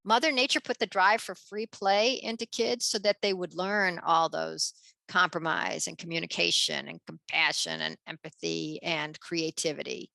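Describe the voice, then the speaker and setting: Lively woman guest, bright gravelly voice, jumps into kid voices, dry close sound. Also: normal speed, dry recording. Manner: lively, acts out children's voices with big pitch jumps. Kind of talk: animated conversational interview.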